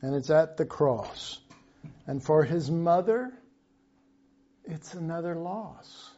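A man preaching a sermon in a slow, conversational way, reading scripture aloud and adding asides. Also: a little high, mellow, lo-fi sound.

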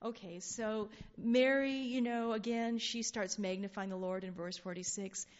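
A woman leading an informal Bible study, reading scripture aloud and talking in an animated, laughing way. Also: mid-range voice, measured pace. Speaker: Bible teacher. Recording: dull lo-fi sound.

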